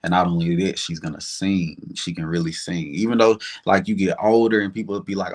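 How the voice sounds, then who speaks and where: Chatty Southern man, low voice. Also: brisk. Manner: animated, chatty, drawling with many "like" fillers. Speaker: singer guest. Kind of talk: casual interview chat.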